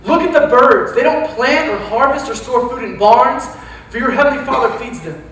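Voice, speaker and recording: A male youth pastor with a high voice gives a casual sermon in a church sanctuary, animated and speaking straight to the crowd with quick asides. The mic is at a distance, and the church hall is echoey.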